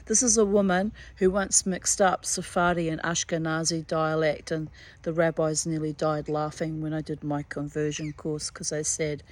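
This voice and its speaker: A woman reading a folktale aloud as a storyteller, unhurried, with chatty personal asides. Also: low voice, level tone.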